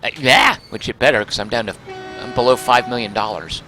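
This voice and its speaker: A man's voice: fairly low pitch, fairly even intonation, fast, noisy background. A man streaming a game, chatting and muttering to himself, mildly exasperated with the controls. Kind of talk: casual game livestream commentary.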